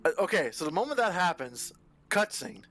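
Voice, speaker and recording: A man narrating as game master, setting scenes in a drawn-out, dramatic way. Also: high-pitched, big pitch swings, fairly bright tone.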